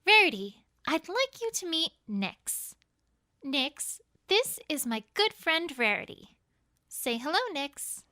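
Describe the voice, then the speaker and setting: An earnest young unicorn mare, voiced by a woman, very high-pitched and lively, with a dry, close sound. She rambles nervously in a fan audio drama. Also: takes it slowly, dry recording, heavily acted. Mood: gentle.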